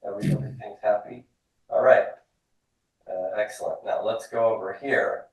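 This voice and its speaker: A man's voice: fairly low pitch, steady tone, moderate pace, vocal fry. A man teaching a classroom language drill, upbeat and laughing often as he checks answers with his students. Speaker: Hebrew teacher. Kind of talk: classroom drill, call and response. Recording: echoey classroom from a distance.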